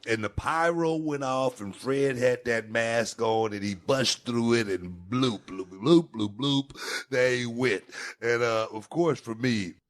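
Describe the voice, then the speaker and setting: A man's voice: mid-range voice, measured pace. A man appearing as a podcast guest, reminiscing with laughter and frequent stops and restarts. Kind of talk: casual interview chat.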